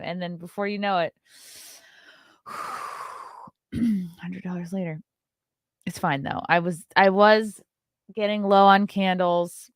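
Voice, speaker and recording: Woman host, 30s, lowish voice, dry close sound, chatty and sarcastic morning monologue. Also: animated, unhurried, pauses often, no room sound. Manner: chatty, sarcastic, swears freely. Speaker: show host. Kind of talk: casual morning show monologue.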